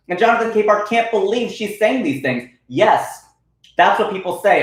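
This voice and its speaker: Animated man riffing on a livestream. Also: high-pitched, fairly quick, echoey room, low-quality recording. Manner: animated, riffing, reads out viewer comments. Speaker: comedian hosting a weekly livestream. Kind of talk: casual livestream monologue.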